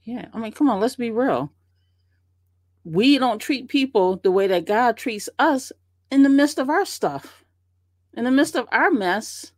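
A woman co-hosting a ministry podcast, speaking with affirming, preacherly emphasis in a relaxed faith conversation. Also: fairly high pitch, measured pace, dry recording, studio quality. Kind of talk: conversational Bible discussion.

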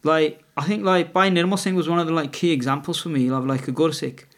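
A man's voice: on the high side, steady tone, fast talker, fairly bright tone. A middle-aged man, a podcast guest telling long rambling stories in casual talk, with many restarts and tag questions. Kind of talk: casual conversational storytelling.

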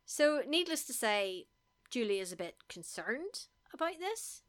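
A woman's voice: high-pitched, very animated, measured pace, a bit bright. Chatty woman co-hosting a podcast. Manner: chatty, rambling, dry humour. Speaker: podcast co-host. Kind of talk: casual chat.

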